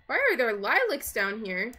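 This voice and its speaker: Woman gamer doing let's-play commentary; high, bright voice, unhurried, chatty self-talk that jumps between grumbling and jumpy alarm. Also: breathy edge. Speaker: gaming video creator.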